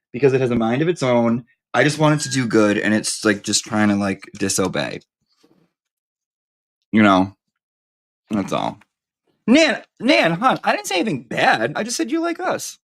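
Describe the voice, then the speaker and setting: A man hosting a live stream in casual chat, campy, profane and rambling. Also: medium pitch.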